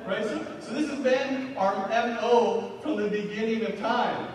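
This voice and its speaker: A man's voice: high-pitched, moderate pace, few pauses. A man preaching a sermon in a conversational way, often checking in with "right?", recorded from far off in a large hall. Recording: echoey hall from far off with faint noise.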